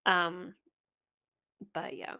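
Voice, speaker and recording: A woman's voice: extremely slow, pushed and bright. A woman in her thirties co-hosting a podcast, talking frankly and casually. She swears without fuss and drifts into thoughtful asides. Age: 30s. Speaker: podcast co-host. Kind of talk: casual chat.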